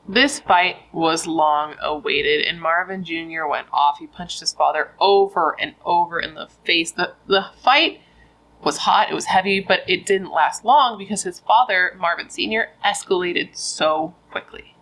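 A woman's voice: lowish voice, a little slow, fairly bright tone, low-quality recording. A young woman casually retelling a true crime story, chatty and full of filler words.

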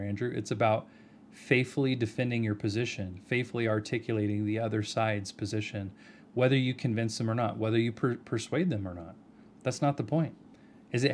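A man giving an earnest, measured video response, addressing someone directly by name and pressing his points with rhetorical questions. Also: on the low side, slight background noise. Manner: earnest, argumentative, addresses the other person by name. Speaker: video commentator.

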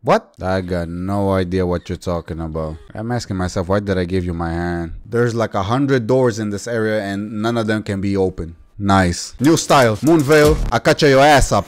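A young man giving casual gameplay commentary as a YouTuber, excitable and slangy, yelping and talking back to enemies. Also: lowish voice, normal speed, hardly any pauses. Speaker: gaming YouTuber.

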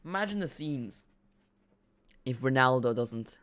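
Rambling streamer chatting about football. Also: male voice, medium pitch, unhurried. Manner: rambling, excitable banter with viewers. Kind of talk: live football watch-along chat.

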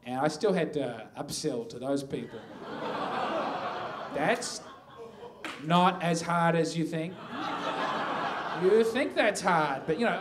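High-voiced Australian comedian, sardonic. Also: male voice, takes it slowly, long pauses. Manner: punchy, sardonic storytelling. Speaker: stand-up comedian. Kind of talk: stand-up comedy set. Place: live comedy venue. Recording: noisy live recording.

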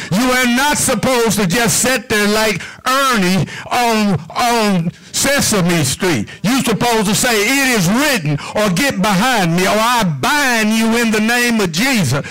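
High-voiced preacher man, rhythmic sermon. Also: expressive, a little slow, hardly any pauses, pushed and bright, rough recording. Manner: rhythmic, call-and-response preaching.

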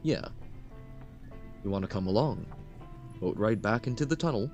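A cheerful middle-aged junkman with a loose Scottish accent, as a man voices him with a low, bouncy voice. He rolls his words like an old sailor. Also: animated, moderate pace, a little mellow, soft background music. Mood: jolly. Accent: half-hearted Scottish. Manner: jolly, rolling nautical delivery.

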